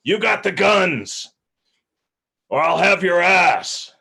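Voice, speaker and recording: A man's voice: extremely low pitch, animated, moderate pace. A man voicing a foul-mouthed male sailor who grumbles and curses in a tabletop game. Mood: bellowing. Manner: cursing, gruff muttering.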